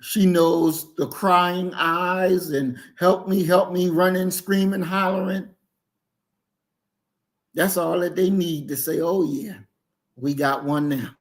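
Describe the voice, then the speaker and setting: A man hosting a livestream, commenting on a video clip in a slow, emphatic, preachy way and addressing his chat. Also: high-pitched, fairly even intonation. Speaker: livestream host.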